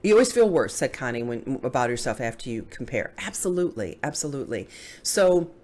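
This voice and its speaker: A woman's voice: a bass voice, brisk. A middle-aged woman hosting a live video chat, answering viewer comments as she talks. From Dallas area, US. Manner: animated, reading viewer comments aloud. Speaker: host.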